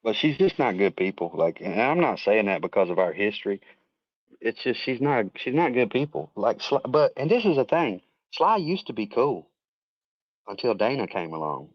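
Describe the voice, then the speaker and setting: Low-ish guy ranting and cussing, dry dull lo-fi sound. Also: big pitch swings, normal speed, dry recording. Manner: heated, rambling, swears a lot. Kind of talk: casual chat.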